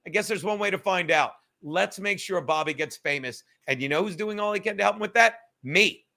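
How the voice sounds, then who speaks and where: High, gravelly, bright-voiced male podcast host. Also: fairly quick. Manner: combative, profane, mocking. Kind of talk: live-stream podcast rant reading chat. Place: studio.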